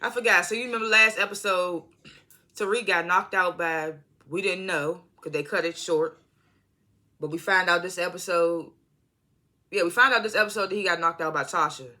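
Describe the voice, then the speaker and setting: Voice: medium pitch, steady tone, moderate pace, pushed and bright. An American vlogger giving a loose, slangy TV episode review into a phone, full of asides and self-corrections. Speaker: TV show reviewer. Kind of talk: casual rambling video review.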